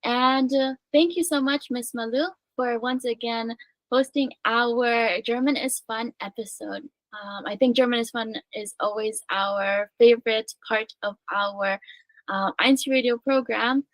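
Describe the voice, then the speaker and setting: Higher-voiced woman hosting live radio. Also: a little slow, dry recording, low-quality recording. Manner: relaxed, many ums and uhs. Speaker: radio show host. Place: radio studio.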